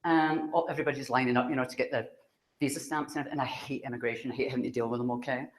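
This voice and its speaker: A middle-aged Scottish spiritual speaker tells stories to a live audience, acting out the dialogue and laughing often. Her very deep voice stays steady but races, and the roomy hall around her echoes.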